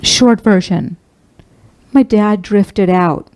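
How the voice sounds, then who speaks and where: A middle-aged woman minister speaks from the pulpit in a mellow, warm tone. She tells a personal story tenderly and from the heart, slowing and pausing as she goes. Her pitch sits in an ordinary middle range. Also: rough recording. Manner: tender, heartfelt storytelling with a slow, halting delivery.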